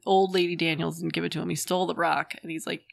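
Female podcast co-host, low and gravelly, blunt casual delivery. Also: level tone, quick pace. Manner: blunt, swears freely, laughs often. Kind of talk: casual chat recapping a cartoon.

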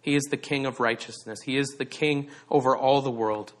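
A man's voice: medium pitch, steady tone, a little fast. A man preaching a sermon as pastor, speaking earnestly and with emphasis, asking rhetorical questions.

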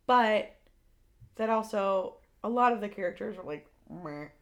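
A woman co-hosting a podcast, chatting casually about movies with lots of fillers and quick retellings. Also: mid-range voice, animated. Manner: chatty, lots of "like", acts out quotes. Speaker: podcast co-host. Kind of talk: casual chat.

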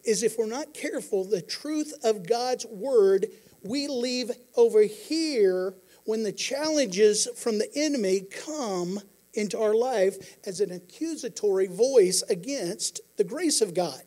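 A pastor preaching a sermon, earnest, moving between quiet passages and emphatic declarations. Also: male voice, sits high, animated, slow pace.

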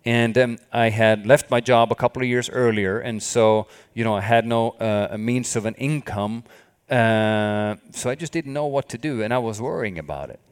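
A man preaches a fervent sermon in a mid-range, clean-toned voice at a moderate pace, frequently pausing to say hallelujah. He is not from the country where he studied.

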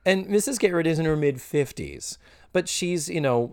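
Podcast host, man, lively swooping delivery, campy, close dry mic. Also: fairly high pitch, clean tone, dry recording. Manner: animated, camp, does quick voices of characters. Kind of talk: casual podcast chat.

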